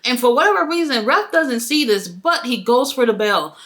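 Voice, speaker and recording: A woman's voice: on the high side, normal speed. A woman giving a casual, profane wrestling review, acting out the quotes. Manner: animated, profane, acts out quotes.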